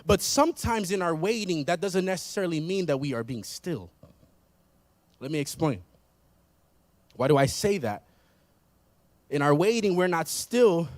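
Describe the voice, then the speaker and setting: A man's voice: high-pitched, no echo. A man in his thirties preaching a sermon in an emphatic style, building intensity through repeated phrases. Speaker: pastor. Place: church.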